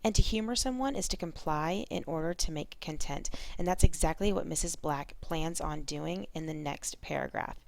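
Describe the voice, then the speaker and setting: Gravelly-voiced woman teaching a reading lesson. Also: low-pitched, moderate pace, hardly any pauses, a little mellow. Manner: clear, explanatory, methodical.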